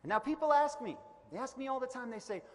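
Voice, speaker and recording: High-voiced man speaking in an echoey hall. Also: fast. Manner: energetic and emphatic, building to loud repeated declarations. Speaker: commencement speaker. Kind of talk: motivational commencement speech. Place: large indoor event hall.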